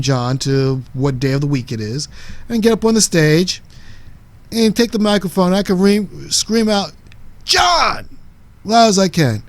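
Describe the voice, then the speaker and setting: A man hosting a psychic talk show, explaining ideas through lively acted-out stories and sometimes shouting names. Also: on the high side. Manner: animated storyteller, shouts names and acts out voices. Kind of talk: explaining a lesson with acted-out examples.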